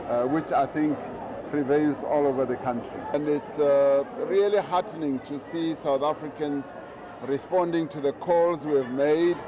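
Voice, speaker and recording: Measured politician at an outdoor rally. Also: male voice, on the high side, noisy background. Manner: measured, with ums and pauses. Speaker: politician on the campaign trail. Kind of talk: interview soundbite.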